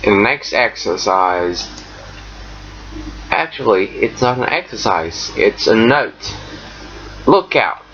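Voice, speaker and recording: A man teaching an English lesson, explaining step by step with frequent pauses and fillers. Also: on the low side, sing-song, fairly bright tone, faint music behind. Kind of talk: recorded lesson walkthrough. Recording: dull lo-fi recording, faint noise.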